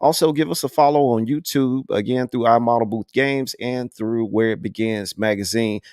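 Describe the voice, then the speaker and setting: A relaxed man hosts a live online music panel, talking in an easy, slangy way with lots of "man" thrown in. His voice sits in a middling pitch. The sound is dry and close over a video call. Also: normal speed, dry recording. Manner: laid-back, slangy, says "man" often. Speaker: host. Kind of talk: casual live panel hosting.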